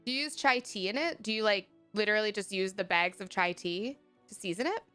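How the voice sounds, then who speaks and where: A woman's voice: medium pitch, fairly quick, sharp tone, smooth. A young woman chatting casually on a live stream, reading chat messages aloud and laughing often. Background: faint music.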